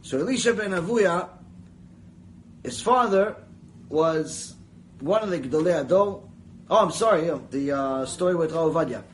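A man gives a Mussar lecture in a high, lively voice that rises and falls widely. He tells stories chattily, acts out the people in them, and drifts into asides. Faint noise sits under the recording. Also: normal speed, long pauses, rough recording. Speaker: Torah teacher.

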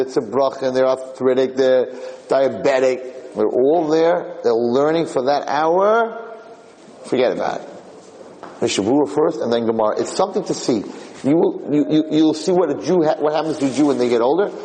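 A man's voice: mid-range voice, big-room sound, rough recording. A man teaching an informal Torah class as a rabbi, telling stories animatedly and repeating himself. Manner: animated storyteller, repeats and restarts phrases.

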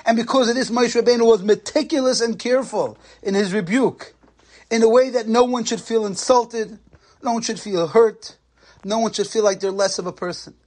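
High-voiced animated male preacher. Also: normal speed. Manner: animated, dramatic storyteller. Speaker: lecturer. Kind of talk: sermon storytelling.

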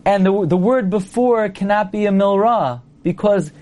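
A man with a fairly high voice teaches a class. He is playful and quizzing, and he sounds out his examples aloud as he goes. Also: normal speed, darkish tone. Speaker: Torah teacher. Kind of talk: lecture to a class.

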